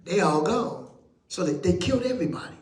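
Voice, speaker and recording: Male preacher, high pitch, folksy call-and-response delivery with bursts of shouting, roomy church echo. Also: lively intonation, a little fast. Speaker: bishop teaching Bible study. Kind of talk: lively preaching to a congregation.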